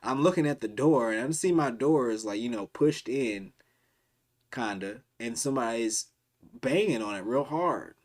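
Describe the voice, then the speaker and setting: Partway through a long story on stream, a man with an ordinary mid-pitched male voice talks loosely and animatedly at normal speed. He rambles, uses plenty of slang, and keeps restarting sentences and repeating words.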